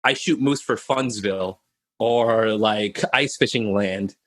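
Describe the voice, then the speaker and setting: A man's voice: lowish voice, slow pace. A young man from Minnesota telling stories on a video call, laughing and acting out the voices of the people in them. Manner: animated, laughing, acts out voices in his stories. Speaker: podcast guest. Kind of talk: casual storytelling on a video call.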